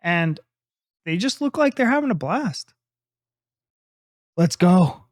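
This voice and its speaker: A man's voice: high voice, very animated, takes it slowly, no room sound, studio quality. A man, a drummer, giving casual and enthusiastic reaction commentary on a live music video. He rambles loosely and admits he is ranting. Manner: loose and talkative, full of fillers like "you know" and "like".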